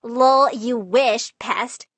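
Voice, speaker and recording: A woman's voice: on the high side, very slow, a bit bright, dry recording, full character voice. A woman playing a snarky teen sister. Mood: snippy. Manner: mocking, snippy. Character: snarky teenage girl, the older sister.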